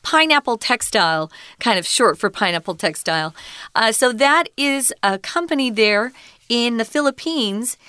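Smooth-voiced woman teaching vocabulary. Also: a little high, animated, bright, forceful tone, dry recording, clean studio sound. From Arizona, USA. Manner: explains words slowly, chatty asides. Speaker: English teacher. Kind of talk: casual vocabulary lesson. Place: lives in Taiwan.

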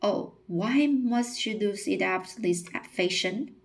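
A woman narrating an audiobook slowly, with occasional slips and restarts. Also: medium pitch, rough recording. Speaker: audiobook reader.

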